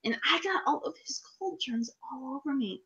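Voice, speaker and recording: A woman's voice: high voice, expressive, normal speed, bright, forceful tone, highs cut off. A woman co-hosting a podcast, chatting casually and telling a funny story while fighting a cold, in her thirties. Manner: chatty storyteller, laughing asides. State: coming down with a cold. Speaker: podcast co-host. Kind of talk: casual chat.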